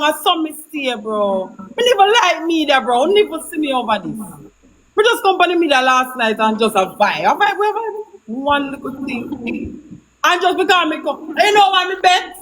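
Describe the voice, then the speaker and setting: High-voiced Jamaican woman ranting defensively. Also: big pitch swings, moderate pace, a bit bright, poor audio. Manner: agitated, repetitive, defensive. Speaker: livestreamer. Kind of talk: heated live-stream rant.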